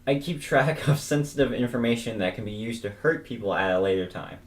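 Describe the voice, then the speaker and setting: A young woman with an unusually low voice reads out quiz questions on a podcast. Her delivery is dry and deadpan. The sound is roomy and echoey. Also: fairly quick. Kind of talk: casual chat. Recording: echoey room.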